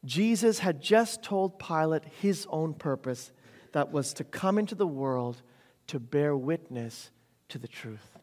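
High-voiced male pastor in a reverberant hall. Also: expressive, measured pace, a little mellow. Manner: rhetorical questions with frequent "right?"; repeats phrases for emphasis. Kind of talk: sermon.

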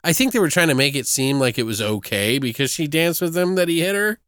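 Brief: chatty male co-host, dry close sound, lively swings in pitch, swears freely. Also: fairly quick, clear, resonant tone, dry recording. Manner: animated, swearing, laughing storyteller. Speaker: podcast co-host. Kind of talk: casual movie recap chat.

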